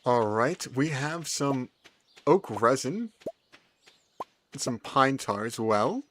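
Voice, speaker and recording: Animated, playful man commenting on a game. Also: medium pitch, slow, a little hiss or hum. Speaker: gaming video host.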